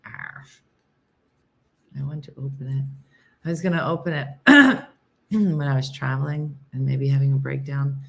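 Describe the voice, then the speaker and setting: A woman with a notably low voice hosts a casual live stream. She rambles from one story to the next and stops to answer viewers by name. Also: normal speed, creaky. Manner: chatty, rambling, reads viewer comments aloud. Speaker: live show host.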